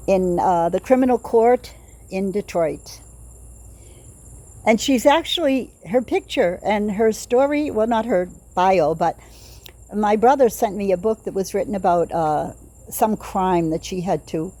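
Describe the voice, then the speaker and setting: A woman's voice: mid-range voice, dark tone. An older woman telling rambling personal stories in a casual monologue, outdoors at night. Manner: rambling, digressive storytelling with pauses. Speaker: vlogger. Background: crickets chirping.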